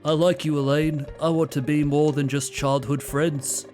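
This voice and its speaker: A man voicing a lovesick anime high school boy in an earnest, pleading way, over background music. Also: little pitch movement, moderate pace, darkish tone, close to an everyday voice.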